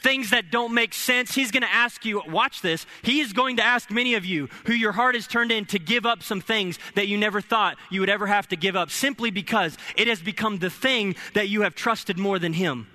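Man, young adult, pastor, sermon, very high voice, humorous asides, shouts at peaks. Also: normal speed, few pauses. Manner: energetic preaching with humorous asides; builds to shouting.

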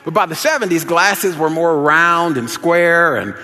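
A man preaching a sermon, telling a childhood story in an animated, folksy way before listing scripture references. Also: a little high, unhurried. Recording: long hall reverb.

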